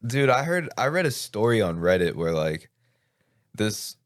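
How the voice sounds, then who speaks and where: A man's voice: fairly low pitch, very animated, unhurried, dry recording, studio quality. A young man guesting on a podcast, laid-back and offhand in casual chat.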